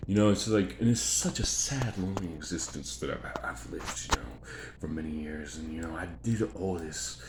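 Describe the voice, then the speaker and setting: A man's voice: low voice, moderate pace. A man in a rambling, profane, repetitive monologue about himself, often repeating phrases for emphasis. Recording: echoey room, faint background noise.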